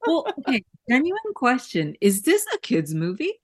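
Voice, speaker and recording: A woman's voice: high voice, huge pitch swings, moderate pace, no room sound. A woman co-hosting a casual movie podcast, laughing often as she talks. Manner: giggly, laughs often while talking. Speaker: podcast co-host. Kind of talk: casual movie recap chat.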